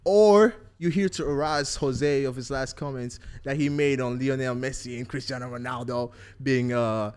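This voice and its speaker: A man's voice: mid-range voice, normal speed, hardly any pauses, a little mellow, clear, resonant tone. A young man hosting a casual football podcast, joking and rambling. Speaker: podcast host. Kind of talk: casual chat.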